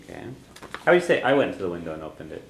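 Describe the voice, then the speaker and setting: Low voiced guy teaching a class, says stuff over and over, quizzes people, roomy echo w faint hiss. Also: big pitch swings, very fast, over a noisy crowd. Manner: patient, repeats phrases and quizzes students. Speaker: language teacher. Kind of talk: classroom lesson. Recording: echoey room, faint background noise.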